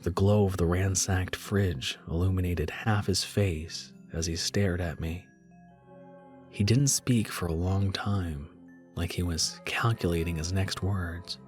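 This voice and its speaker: A man reading a horror story aloud in a measured way, slowing down for dread. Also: low voice, darkish tone, soft background music. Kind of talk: scripted horror narration.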